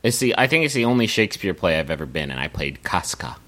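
A man with a lowish voice that swings widely in pitch trades jokes on a comedy podcast. He riffs loosely and swears freely in relaxed banter. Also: fast talker. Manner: joking, profane, riffing. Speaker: podcast co-host. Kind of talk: casual comedic chat.

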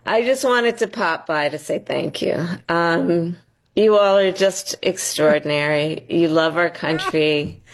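A woman speaking low and warmly effusive, thanking supporters in a recorded message. Her tone stays earnest throughout. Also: takes it slowly, slight background noise.

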